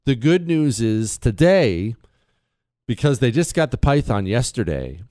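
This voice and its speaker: A man hosting a talk radio show from a studio, telling a story in a casual, animated way. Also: medium pitch, a little slow, no room sound. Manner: animated storyteller, laughs at his own tale. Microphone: studio microphone.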